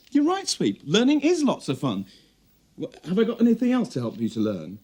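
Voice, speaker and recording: A man's voice: sits high, brisk. British guy hosting a kids show, chatting to a puppet, bouncy voice, hiss behind. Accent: British English. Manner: animated, teasing, patient. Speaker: children's TV presenter. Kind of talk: playful talk with a puppet.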